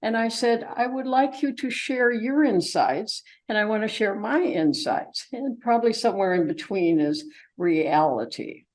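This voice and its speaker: A woman's voice: medium pitch, animated, moderate pace, darkish tone, rough recording. Chatty older woman giving a travel talk. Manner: chatty and rambling, with many fillers and asides. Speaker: travelogue presenter. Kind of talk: informal slide presentation to a group.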